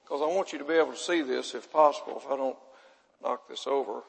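A man's voice: medium pitch, fast talker, vocal fry, breathy edge. A man preaching a folksy sermon, chatting with his audience and quizzing them. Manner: chatty, asks the audience questions, self-deprecating. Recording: long hall reverb.

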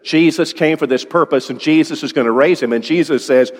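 A man's voice: a little high, fairly quick. A male preacher giving an evening sermon in a conversational way, asking his congregation questions. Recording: long reverb in a large hall.

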